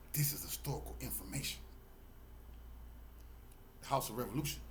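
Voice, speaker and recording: A man's voice: a little high, fairly bright tone. Fired-up man preaching to camera. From Texas, Galveston County. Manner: preachy, emphatic, repeats words when fired up. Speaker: channel host and community activist. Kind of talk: direct-to-camera monologue.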